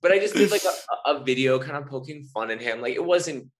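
This actor, a podcast guest with a mid-range voice, lively intonation, and a slightly fast delivery, talks in a casual, rambling way. His speech is hesitant, peppered with fillers and frequent restarts.

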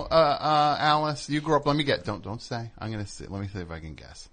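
A man's voice: medium pitch, fairly even intonation, brisk, fairly bright tone. A man hosting a comedic radio show, teasing his guests and callers with jokes and stumbling restarts. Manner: joking, teasing, stammering restarts. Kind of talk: casual comedic radio banter.

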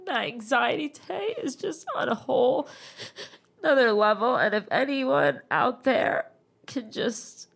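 A woman's voice: high voice, animated, a little slow, creaky. Young woman, nasal, tearful, anxious, rambling casual podcast talk. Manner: emotional, rambling, swears freely. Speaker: podcast co-host. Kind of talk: casual chat.

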